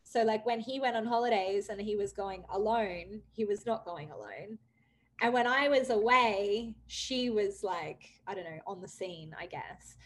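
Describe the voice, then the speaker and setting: A young woman candidly recounting a personal story, with many "like" fillers, acting out quoted dialogue with lively jumps in pitch. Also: unhurried. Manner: chatty, frequent "like" fillers. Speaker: guest telling her story.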